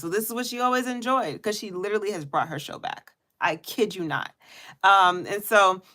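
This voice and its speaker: A woman chatting casually to her viewers in a weekly live check-in video. She laughs often and throws in animated quoted asides. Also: medium pitch. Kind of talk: casual chat. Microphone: headphones on.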